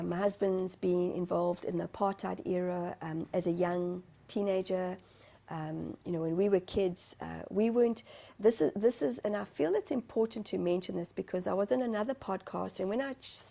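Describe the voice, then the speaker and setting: A woman's voice: lowish voice, normal speed, vocal fry, dark tone. A talkative woman, a spiritual medium telling her story in a rambling, emotional way as a guest on an interview show. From South Africa. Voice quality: talkative, self-described motor mouth. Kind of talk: candid interview conversation.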